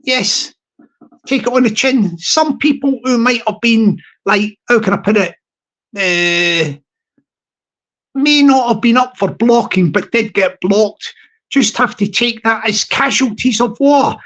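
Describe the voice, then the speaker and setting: A man's voice: very high voice, slow pace, a bit bright. A man hosting a casual livestream chat, rambling and joking with his viewers. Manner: rambling, playful and jokey. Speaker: livestream host.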